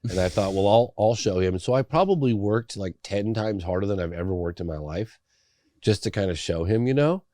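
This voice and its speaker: A man's voice: low voice, mellow, dry recording. A middle-aged man from England, a documentary filmmaker telling his story in a casual interview, acting out the people he quotes. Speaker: documentary filmmaker, podcast guest.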